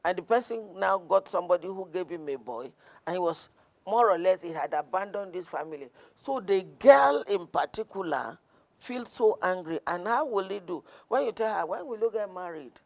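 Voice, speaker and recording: Gravelly-voiced woman counsellor. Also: on the low side, lively intonation, moderate pace. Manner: earnest, storytelling, with frequent restarts. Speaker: guest counsellor. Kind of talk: conversational interview.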